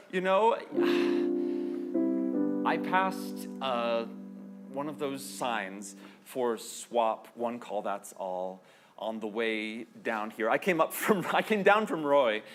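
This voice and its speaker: A man performing a live musical comedy set, singing heartfelt songs and talking earnestly and self-deprecatingly between them. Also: mid-range voice. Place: live stage show with audience. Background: piano and guitar accompaniment.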